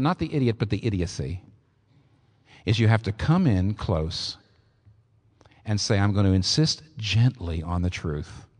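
Impassioned preacher in a reverberant hall. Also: male voice, mid-range voice, husky. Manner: impassioned, emphatic repetition. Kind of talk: sermon.

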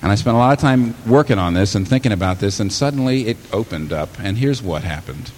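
A man preaching a sermon in a church hall, animated and often taking on the voices of the people he quotes. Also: on the low side, fast, a little hiss or hum. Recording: long hall reverb, faint room ambience.

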